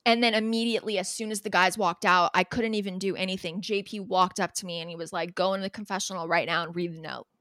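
A woman's voice: on the low side, fast, hardly any pauses, dry recording. A young woman co-hosting a podcast, chatting casually and telling a story with lots of acted-out quotes and laughter. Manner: animated storyteller, acts out quoted people, laughs often. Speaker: podcast co-host. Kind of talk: casual chat recapping a reality show.

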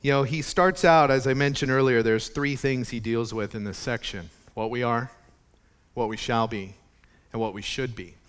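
A man's voice: mid-range voice, moderate pace, a bit bright, clean tone. A male pastor preaching a conversational sermon, talking casually with frequent restarts and asides.

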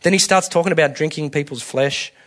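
A man preaching a conversational sermon, candid and colloquial, restarting phrases and swinging between soft and loud. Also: fairly high pitch, brisk. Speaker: pastor.

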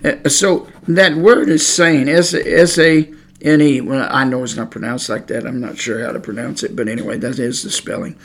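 A man giving an informal Bible teaching, rambling and stumbling over words, then rising to shouts to drive points home. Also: medium pitch, fairly even intonation, moderate pace. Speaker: preacher.

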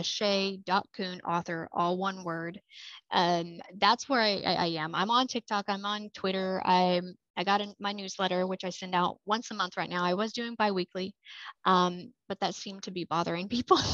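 A woman's voice: lowish voice, fairly bright tone, dry recording. Chatty woman author on a muffled line. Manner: chatty, many fillers and quick laughs. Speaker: author guest. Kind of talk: casual podcast interview. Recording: dry, slightly muffled remote mic.

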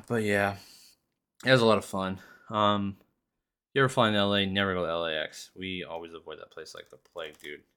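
A man's voice: lowish voice, steady tone, moderate pace, fairly bright tone, smooth. A man, hosting a solo podcast and telling rambling, profane stories in a casual chat. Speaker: podcast host.

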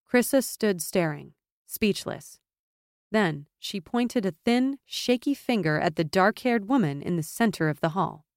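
A woman narrating a fantasy audiobook in a measured, steady way. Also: medium pitch, dry recording, studio quality.

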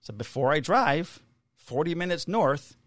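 Swearing, animated man telling a story. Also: a little high, a little slow, dry recording. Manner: animated storyteller, swears freely, acts out quotes in raised voice. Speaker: podcast co-host, police officer. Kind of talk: casual storytelling chat.

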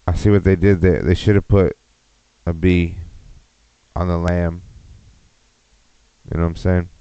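A man's voice: deep voice, little pitch movement, unhurried, warm tone, smooth, no echo, highs cut off. A man hosting a podcast, ranting in a profane, mocking way. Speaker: podcast host.

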